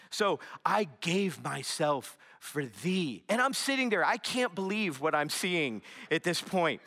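A young adult man preaching a sermon, telling a story with lively animation and dropping to a hushed whisper for emphasis. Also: high voice. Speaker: pastor.

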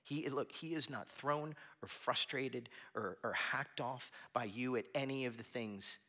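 A man's voice: medium pitch, measured pace, pushed and bright. A man preaching a sermon as pastor in a church with a small audience, earnest and conversational, often restarting his phrases.

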